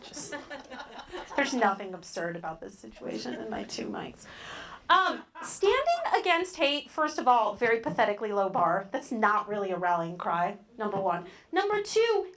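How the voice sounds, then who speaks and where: High lively wry woman giving a workshop. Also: unhurried. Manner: wry, joking, animated delivery. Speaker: workshop speaker. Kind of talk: live workshop talk. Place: warm indoor meeting room. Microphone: handheld mic.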